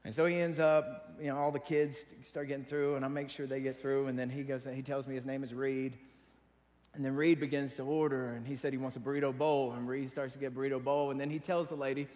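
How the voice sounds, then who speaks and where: A middle-aged man preaching a sermon as a pastor, telling a story in an animated, self-deprecating way. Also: medium pitch, brisk. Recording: long reverb of a large hall.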